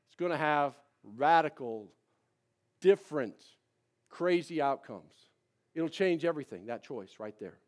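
A man, a pastor giving a folksy, conversational sermon with repeated refrains. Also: high voice. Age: 50s.

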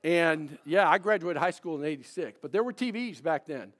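Pastor in his fifties, conversational preaching, fairly high voice. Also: lively intonation, normal speed, a bit bright. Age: 50s. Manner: folksy, conversational preaching with repeated refrains. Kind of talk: sermon.

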